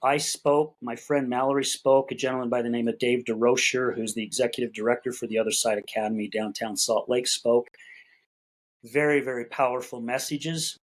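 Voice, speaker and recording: A podcast guest in middle age tells his story casually and folksily, repeating words while gathering his thoughts and acting out quoted lines of dialogue. The audio is poor, and his medium-pitched voice is fairly quick with fairly even intonation.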